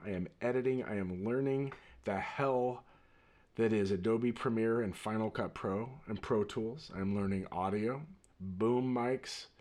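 A man hosting his own podcast, telling a story in a rambling, animated way and laughing readily. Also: medium pitch. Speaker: podcast host. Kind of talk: casual storytelling monologue.

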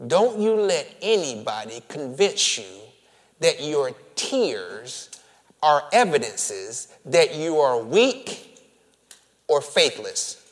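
Preacher man with lively pitch in a hall. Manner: swells from hushed, whispered lines to loud emphatic calls; drawn-out words for emphasis, addresses listeners as family. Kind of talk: sermon. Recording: long reverb of a large hall.

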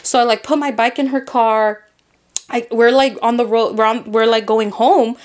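A woman co-hosting a casual podcast chat, telling stories in an animated way with lots of fillers and casual swearing. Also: on the high side, normal speed. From grew up in a Latino immigrant family in the US. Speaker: podcast co-host.

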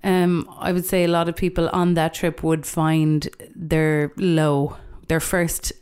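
An Irish woman co-hosts a casual podcast, measured and wry. Her voice is smooth and clear, a little lower than most women's. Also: flat delivery, a little mellow. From Ireland. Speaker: podcast co-host.

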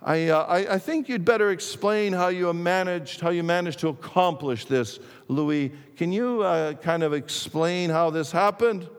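A man playing an excitable minister who speaks in a raised voice and exclaims in disbelief. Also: high-pitched, unhurried, few pauses, clear, resonant tone, big-room sound, pitched above the performer's own voice. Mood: puzzled. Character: excitable middle-aged male minister.

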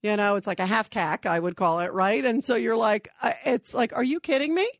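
A woman hosting a call-in radio talk show, talking in an animated, indignant way with many quick restarts. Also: a little high, dry recording, studio quality.

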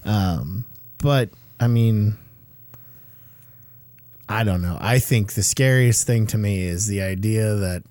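A man's voice: fairly low pitch, slow, pauses often, a little mellow, no room sound. A man co-hosting a podcast in casual chat, musing aloud in long, rambling sentences. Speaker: podcast co-host.

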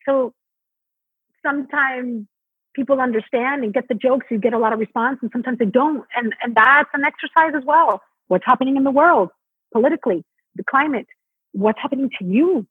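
Woman, from Mexico, interview guest, fairly high voice, dry close sound. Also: fairly quick, husky, no room sound. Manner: animated, acts out quotes with pitch jumps. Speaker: Broadway actress, guest. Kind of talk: interview conversation. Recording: tinny phone-like line.

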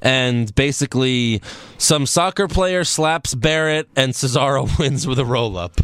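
A man hosting a casual chat, quickly recapping events and laughing often. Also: mid-range voice, a bit bright, a little hiss or hum. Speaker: podcast host recapping wrestling.

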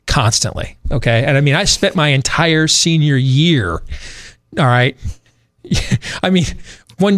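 A man from Michigan, a radio talk show host, telling a long story in a rambling, animated way with many fillers and laughs. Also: on the high side, no room sound, clean studio sound. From Michigan, USA.

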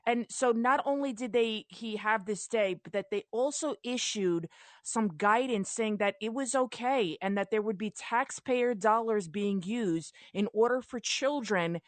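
Brisk young woman commentator. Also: on the high side, no room sound. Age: young adult. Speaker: radio commentator. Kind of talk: opinion commentary.

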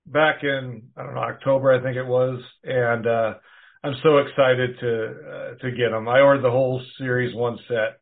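A man hosting a casual interview, chatty and quick to chime in with agreement. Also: mid-range voice, fairly even intonation, creaky. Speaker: interview host. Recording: tinny phone line.

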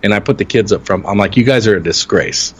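Animated man telling stories. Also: fairly low pitch, quick pace, breathy edge. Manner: animated, acts out quotes in raised voice. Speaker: podcast co-host. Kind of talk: casual storytelling chat.

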